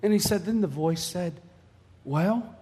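A man preaching a sermon with passion, moving from quiet, hushed passages to shouted ones. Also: sits high, moderate pace, long reverb tail.

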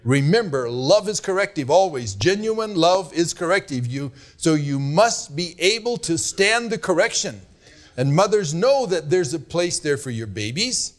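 A male pastor preaching to his congregation in an earnest, admonishing way. His voice sits a little high for a man. He stretches out the words he wants to land. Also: very animated. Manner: earnest, admonishing, drawn-out emphasis. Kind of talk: sermon.

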